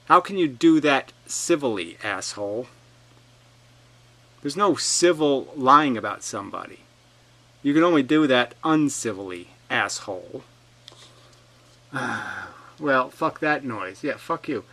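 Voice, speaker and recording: A man in a heated rant, answering an opponent's comments one by one. His delivery is combative and sarcastic, packed with swearing and insults, at a middling pitch. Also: lively intonation, measured pace, fairly bright tone, poor audio. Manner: reads out an opponent's comments and fires back. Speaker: video commentator. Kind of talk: ranting rebuttal monologue.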